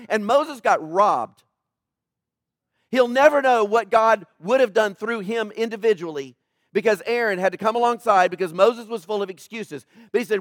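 A male pastor with a very high voice delivers an animated, conversational sermon. He keeps turning to the congregation with asides and jokes. The sound is dry and close, with no room echo. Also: normal speed. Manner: conversational preaching, often asking the congregation "right?".

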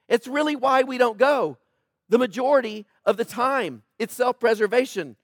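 A man's voice: very high voice, moderate pace, no echo, clean studio sound. A man preaching a sermon as pastor, talking conversationally to the congregation with jokes, asides and frequent checks like "right?".

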